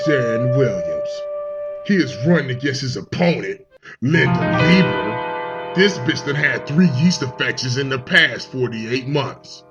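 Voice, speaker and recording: A man voicing a male political ad announcer in a comedy sketch, slow and grave, smearing a rival. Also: mid-range voice, lively intonation, dull audio, pitched below the performer's own voice. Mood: mocking. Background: music.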